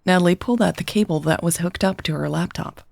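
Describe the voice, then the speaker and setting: A woman who hosts a podcast, reading a romance story aloud in a calm, even way. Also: on the low side, fast talker, creaky, no echo, clean studio sound. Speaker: podcast host and narrator.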